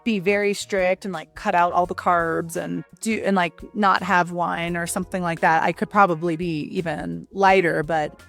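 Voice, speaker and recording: A woman's voice: lowish voice, steady tone, normal speed, vocal fry, hardly any pauses, fairly bright tone, soft background music. A woman in her forties, a guest in a casual interview, talking in a chatty, enthusiastic way with lots of fillers. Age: 40s. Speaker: guest, red light studio owner.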